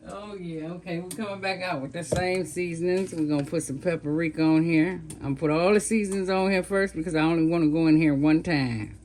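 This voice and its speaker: Talking briskly with hardly any pauses, this cooking vlogger, a woman past fifty with a fairly low, slightly mellow voice, chats away to viewers as she seasons and fries chicken. Slight background noise can be heard.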